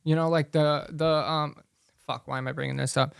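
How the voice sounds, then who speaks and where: A man's voice: on the high side, flat delivery, normal speed, vocal fry, smooth, no room sound, clean studio sound. A man in his thirties, co-hosting a podcast in casual, rambling chat full of swearing. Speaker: podcast co-host.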